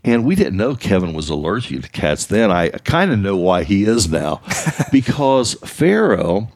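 Older man, teasing storyteller, lively pitch, dry close recording. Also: measured pace, no room sound. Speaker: guest, father of the host. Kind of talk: casual storytelling. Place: studio.

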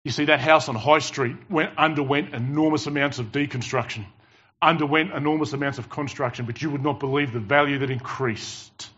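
A man preaching a sermon in church with animated, emphatic storytelling and jokes. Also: on the high side, brisk. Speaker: pastor. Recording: dull lo-fi church recording.

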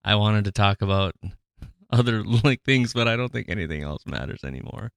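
A man co-hosting a podcast, chatting casually, excitable and jokey. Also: lowish voice, moderate pace, vocal fry, no room sound. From Irish descent. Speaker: podcast co-host.

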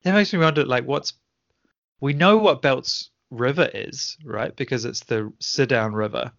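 A man's voice: medium pitch, measured pace, gravelly, a bit bright, no room sound, lo-fi sound. A man hosting a casual debrief podcast as game master, rambling and correcting himself as he recalls past sessions. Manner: rambling, self-correcting, chuckling.

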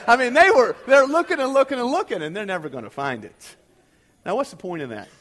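A middle-aged pastor preaches through a personal story, checking in with his listeners as he goes. His voice sits high for a man and rises and falls widely. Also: fast. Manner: animated storytelling, often checking in with "okay?". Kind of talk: sermon.

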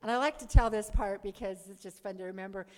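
A woman giving a lively testimony talk to a live audience, acting out her own past lines and asking the crowd questions. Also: medium pitch, quick pace. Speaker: speaker giving a conversion testimony. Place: church or meeting hall. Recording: long hall reverb.

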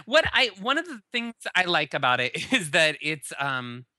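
A man co-hosting a podcast in casual chat, animated, often restarting his sentences. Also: a little high, normal speed, no room sound. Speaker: podcast co-host.

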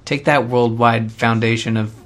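A man's voice: mid-range voice, fairly even intonation, normal speed, a bit bright. Canadian man as co-host, dry wry delivery, casual chat. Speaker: podcast co-host.

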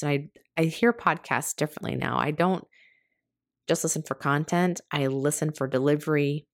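Female podcast host, low voice, chatty and reflective, dry studio sound. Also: no echo. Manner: chatty and self-reflective, quick with asides.

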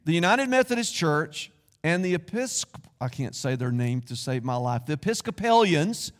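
A man's voice: high-pitched, big-room sound. A man preaching a sermon as pastor, speaking in a conversational way with folksy asides. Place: church sanctuary.

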